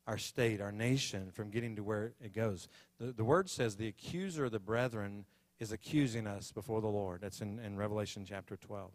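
A man's voice: on the low side, no room sound. A man, a pastor introducing a guest speaker and praying over her with rising fervor. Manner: fervent, rising prayer. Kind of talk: sermon introduction and prayer. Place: church sanctuary.

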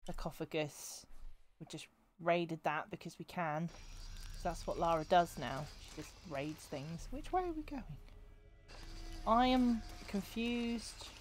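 Slow-talking woman streamer. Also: sits low, lively intonation, a little hiss or hum. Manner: chatty, jokey, talking to herself. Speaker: game streamer. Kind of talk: casual gameplay commentary.

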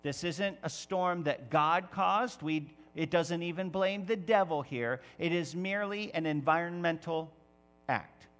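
Man, pastor, sermon, lively delivery, church, fairly high pitch. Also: measured pace. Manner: lively, rising to near-shouts when acting out pleas.

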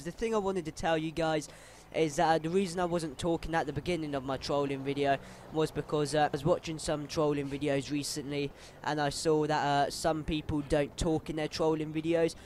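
A gaming YouTuber addresses his viewers in a loose, filler-heavy way. His voice sits a little high for a man. Faint noise hums behind him. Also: fairly even intonation, a little fast, few pauses, darkish tone. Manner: chatty, laughing, filler-heavy. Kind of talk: casual video intro and game chat.

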